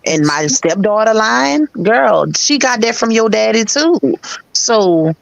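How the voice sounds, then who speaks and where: A man's voice: high voice, expressive, slow, creaky, no echo, muffled recording. A man hosting a reaction commentary, talking in a sassy, teasing way. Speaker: commentary host.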